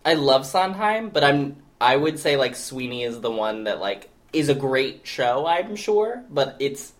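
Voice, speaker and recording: A man's voice: mid-range voice, big pitch swings, measured pace. A man co-hosting a podcast in casual, jokey chat, now and then slipping into song or a silly put-on accent. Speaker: podcast co-host.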